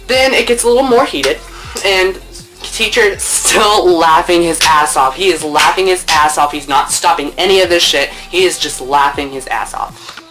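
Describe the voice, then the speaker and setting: Sitting indoors at home, a young woman tells a casual story to camera as a storytime vlogger. Her chatty, playful style is full of fillers and swearing, and she brings quotes to life with big leaps in her voice.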